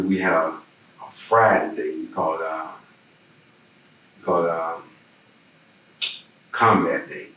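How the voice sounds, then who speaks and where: Southern man, very low voice, rambling storyteller, echoey room with a distant mic. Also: a bit bright, a little hiss or hum. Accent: Southern American. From Birmingham, Alabama. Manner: rambling, repeats words, laughs while telling stories. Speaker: oral history interviewee. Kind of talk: casual storytelling.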